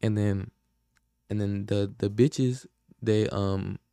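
A young man spins a long, slangy story, packed with fillers, curses and acted-out quotes. His voice sits low with a dark, mellow tone, and it is recorded dry and close with no room sound. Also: steady tone, takes it slowly, clean tone, no room sound. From Oakland, California. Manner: slangy, profane, rambling with many fillers. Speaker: podcast host. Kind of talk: casual storytelling.

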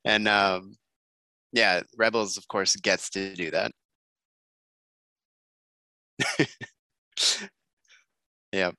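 A man co-hosting a podcast in relaxed, agreeable casual chat. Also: low-pitched, very slow, long pauses, clean tone, dry recording. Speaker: podcast co-host.

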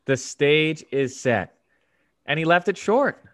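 A man's voice: a little high, lively intonation, takes it slowly. Easygoing man, casual podcast chat. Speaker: podcast co-host.

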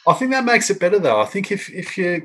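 A middle-aged man with an Australian accent, interviewing in a relaxed conversation and telling animated stories. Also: high-pitched, fast, poor audio. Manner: chatty storyteller, animated when telling anecdotes. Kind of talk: casual conversation.

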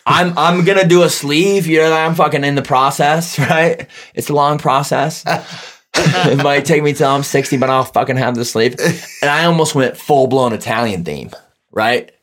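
A man's voice: fairly high pitch, moderate pace, fairly bright tone. A young man chatting on a podcast, loose and profane. He tells stories in a joking way. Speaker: podcast co-host. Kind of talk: casual chat.

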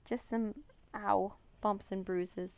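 A woman's voice: medium pitch, steady tone, slow, creaky, dry recording. A woman reading the lines of a bold young girl swordfighter in a storybook, in a determined way.

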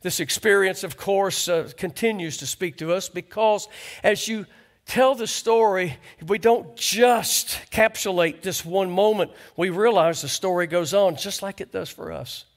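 A pastor preaching a conversational sermon in a church, asking the congregation rhetorical questions. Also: male voice, high voice, unhurried. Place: church sanctuary.

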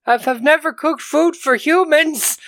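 A podcast host playing a sweet, dotty old woman obsessed with her pets. The voice floats very high and airy, innocent and oblivious. It sounds dry and close. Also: measured pace, fairly bright tone, no room sound. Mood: flustered.

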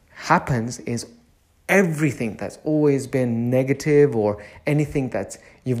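A man who runs a nursery, giving a reflective self-help talk, repeating key phrases and lingering on words. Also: mid-range voice.

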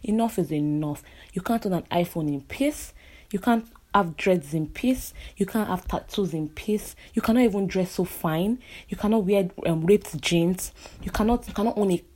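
A woman's voice: mid-range voice, a little mellow. A young woman from Nigeria with a Nigerian accent, an architect, talking in an impassioned, indignant vlog rant and repeating phrases for emphasis.

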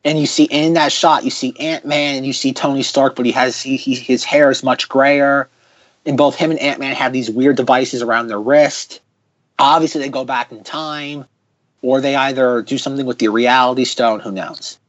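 A man hosting a podcast in casual chat, ranting sarcastically in quick bursts. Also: medium pitch, fairly even intonation, no echo, lo-fi sound. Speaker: podcast host.

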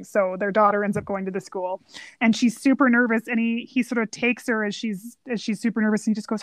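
Animated woman chatting about a film. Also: fairly high pitch, moderate pace, dry recording. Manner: animated, laughs often, acts out lines. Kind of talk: casual film discussion.

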